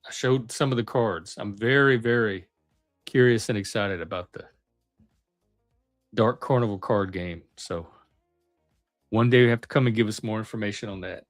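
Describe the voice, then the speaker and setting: Relaxed male stream host, faint music. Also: fairly low pitch, moderate pace, long pauses. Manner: relaxed, friendly, laughs easily. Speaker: host of live panel stream. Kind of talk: casual chat.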